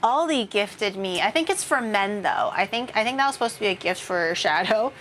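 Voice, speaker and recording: A woman cooks in her home kitchen on a live stream, casually chatting with viewers and occasionally swearing. Her mid-range voice is a bit bright with lively intonation and a fairly quick pace, and there's slight background noise.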